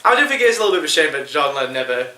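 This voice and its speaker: A man's voice: on the high side, sing-song, racing, sharp tone, reverberant. A man co-hosting a podcast, chatting casually about a TV episode with lots of fillers and restarts. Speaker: podcast co-host. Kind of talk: casual chat reviewing a TV episode.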